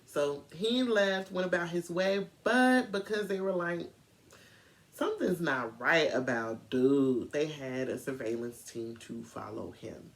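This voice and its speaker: A woman telling a true crime story in a casual, animated way, speaking straight to her viewers. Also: on the low side, measured pace, vocal fry, hardly any pauses.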